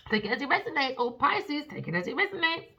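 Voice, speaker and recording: Sassy, gravelly tarot-reading woman. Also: sing-song, fast talker. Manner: theatrical and sassy, with frequent swearing and pet names; swings between loud outbursts and low mutters. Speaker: tarot reader. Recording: dull lo-fi recording.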